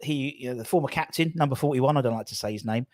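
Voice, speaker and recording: A man's voice: mid-range voice, quick pace, darkish tone, dry recording. A male host runs a casual live chat for a fan channel, reading viewer questions and chipping in with eager agreement. His voice sits mid-range and sounds dry and close to the mic.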